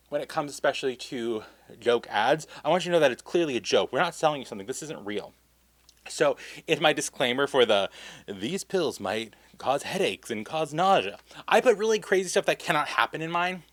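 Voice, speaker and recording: A man's voice: mid-range voice, moderate pace, no room sound. Campy young man telling a story. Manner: campy, animated, with frequent laughs and asides. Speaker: vlogger. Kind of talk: casual storytime.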